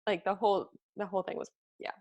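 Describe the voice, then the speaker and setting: A woman's voice: mid-range voice, flat delivery, fast talker, a little mellow, dull audio. A woman co-hosting a casual eating show, giggly and rambling, swearing offhandedly. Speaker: co-host. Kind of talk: casual chat while eating.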